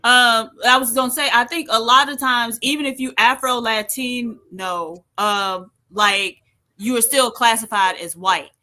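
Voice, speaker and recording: A woman's voice: on the high side, measured pace, bright, forceful tone. A woman co-hosting a casual podcast, chatting and putting questions to the panel. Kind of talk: casual chat.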